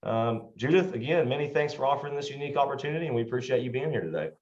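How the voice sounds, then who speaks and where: A man's voice: medium pitch, lively intonation, racing, darkish tone. Man hosting in a dull, echoey room. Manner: friendly, hesitant with fillers. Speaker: interview host. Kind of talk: interview hosting.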